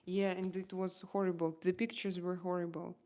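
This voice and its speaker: Husky-edged Russian-accented woman chatting. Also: lowish voice, flat delivery, a little mellow. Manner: halting, searches for English words, drops into French. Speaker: live-stream host reading chat. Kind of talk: casual live-stream chat.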